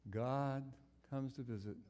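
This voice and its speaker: A man's voice: mid-range voice, steady tone, unhurried, darkish tone, long reverb tail. A man preaching a sermon, telling a Bible story and asking his listeners questions. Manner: storytelling, acts out biblical characters' voices; asks the audience questions.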